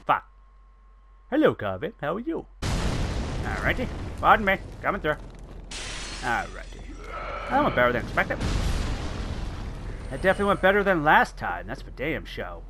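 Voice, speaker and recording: A man giving loud, excitable gameplay commentary, shouting, joking and swearing as he plays. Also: a little high, moderate pace, long pauses, noisy background. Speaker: let's play gamer. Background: loud game music.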